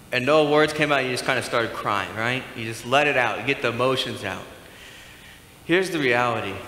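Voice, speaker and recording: A man's voice: mid-range voice, sharp tone, echoey room, long reverb tail, a little hiss or hum, rough recording. A man preaching a sermon as pastor, talking conversationally and asking the congregation questions. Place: church sanctuary.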